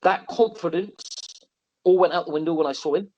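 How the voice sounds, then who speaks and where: A man telling animated, self-mocking stories on a podcast, often restarting and laughing. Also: on the high side, a little fast. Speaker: wrestler and wrestling promotion owner. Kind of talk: podcast interview storytelling. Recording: slightly muffled podcast audio.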